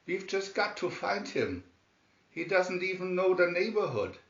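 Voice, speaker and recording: An earnest young farm boy from a storybook, as a man reading aloud puts him on, calling out eagerly in a voice lifted above his own. He talks slowly and sincerely. The recording sounds roomy and a little dull. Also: high-pitched, pitched above the performer's own voice, exaggerated voice. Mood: urgent. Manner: earnest, excited calls.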